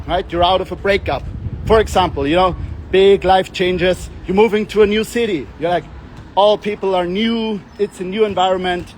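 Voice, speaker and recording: A man's voice: high-pitched, steady tone, moderate pace, slight background noise. A young man talking casually as a self-development coach, rambling and joking, often acting out the voices of the people he describes. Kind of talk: casual monologue with playful voice demonstrations.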